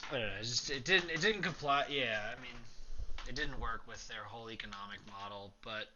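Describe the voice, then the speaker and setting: A man's voice: medium pitch, brisk, lo-fi sound, background noise. A young man hosting a let's play, chatting casually and rambling through history with lots of fillers. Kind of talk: casual gameplay commentary.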